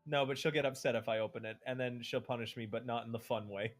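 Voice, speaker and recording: A man's voice: mid-range voice, fairly even intonation, fast talker, faint music behind. A man narrating as game master for a tabletop game, playfully voicing the characters.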